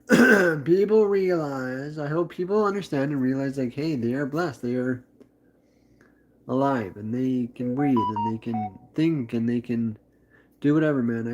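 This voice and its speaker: A man's voice: mid-range voice, fairly even intonation, moderate pace, darkish tone, lo-fi sound. A man chatting on a live stream in a rambling, upbeat way, full of fillers and restarts. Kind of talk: casual live-stream chat.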